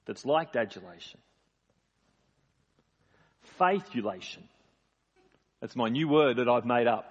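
A man's voice: medium pitch, husky. A man preaching a sermon in a conversational, emphatic way. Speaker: pastor. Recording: dull lo-fi sound in a reverberant hall.

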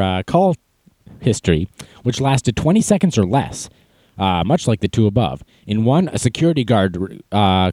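A young man hosting a podcast, telling stories in a casual, self-mocking way and acting out quotes in a high voice. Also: mellow, no echo. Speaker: podcast host. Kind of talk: casual storytelling monologue.

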